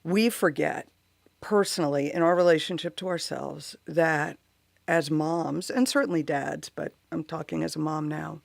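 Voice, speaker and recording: A woman's voice: sits low, steady tone, normal speed, gravelly, no echo. A woman who is a mother and runs workshops for moms, a guest on a talk show telling her story with animation. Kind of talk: casual interview chat.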